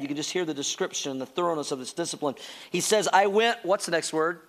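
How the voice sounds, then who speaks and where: A man preaching a sermon, telling family stories with acted-out voices, then turning soft and earnest. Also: a little high. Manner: animated storytelling, acting out his child's pleading voices; drops to a soft, slow earnest tone for the teaching. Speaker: pastor.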